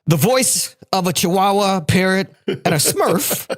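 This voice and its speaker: A man hosting a show who warmly hypes up his guest in an upbeat way. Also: high-pitched, lively intonation, a little slow. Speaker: show host.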